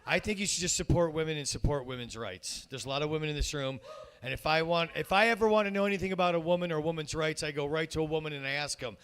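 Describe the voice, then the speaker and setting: Hosting stand-up at a comedy club, this man talks fast in a fairly high, slightly bright voice with a clean tone. His wisecracks ramble, and he keeps interrupting himself partway through sentences.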